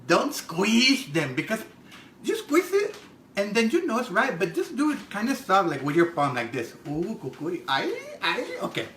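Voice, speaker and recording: A man performs a heavily acted character: a brassy, gossipy middle-aged Mexican-American home cook hosting a comedic cooking demo. His raised, bright, sharp voice makes huge swings between squeals and low mutters at a normal speed as she chats, giggles and tosses out crude asides over a recipe. The kitchen echoes, with a slight hiss or hum.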